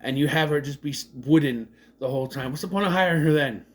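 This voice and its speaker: Fast and a little high in pitch, a man's voice runs through a casual movie recap and review. He's lively and profane, parodying scenes with exaggerated voices.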